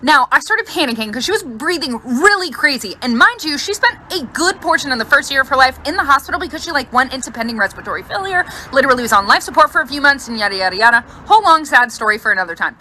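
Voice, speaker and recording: Bright lively storytelling woman. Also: high voice, fast talker, hardly any pauses, a little hiss or hum. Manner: animated, laughs while telling. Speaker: mother telling stories. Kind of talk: casual storytime.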